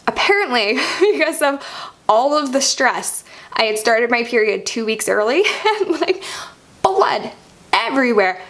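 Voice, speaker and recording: A woman's voice: fairly high pitch, very animated, a little slow, a bit bright. A young woman telling a personal story as a vlogger in a casual, chatty way, filling her sentences with "like" and frequent laughs.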